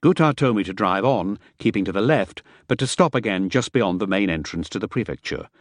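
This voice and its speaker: A man reads a first-person adventure novel aloud in a low voice with lively, varied inflection. The sound is dry and close, with no room around it. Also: no room sound. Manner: measured first-person storytelling. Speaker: audiobook narrator. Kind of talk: scripted audiobook narration.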